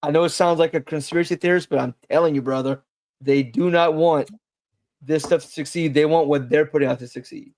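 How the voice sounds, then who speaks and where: A man's voice: on the high side, fairly even intonation, a little fast, a little mellow. A man talking in casual podcast banter, rambling and emphatic, swearing freely. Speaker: podcast co-host.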